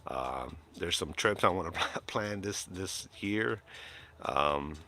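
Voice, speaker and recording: A man's voice: sits low, lively intonation, slow pace, pushed and bright, slight background noise. An older man casually chatting to his viewers, rambling and heartfelt with lots of fillers and restarts. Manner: emotional, kind-hearted. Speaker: live streamer.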